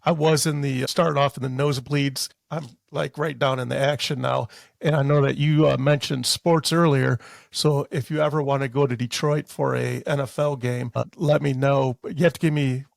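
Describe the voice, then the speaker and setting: A man hosting a podcast, speaking in an unhurried, casual way with frequent "uh" fillers. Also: medium pitch, fairly even intonation, vocal fry, dry recording, studio quality. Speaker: podcast host. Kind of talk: casual chat.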